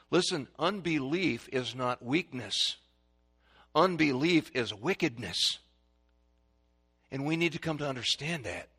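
A man preaching a sermon to a congregation, swinging between loud proclaiming and hushed, dramatic quiet. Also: medium pitch, vocal fry, husky.

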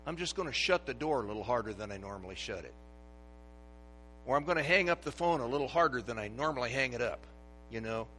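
A middle-aged man, a pastor, preaching a sermon with dynamic swings from hushed to loud and emphatic. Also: mid-range voice, expressive, fast talker, a little hiss or hum. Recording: long reverb of a large hall.

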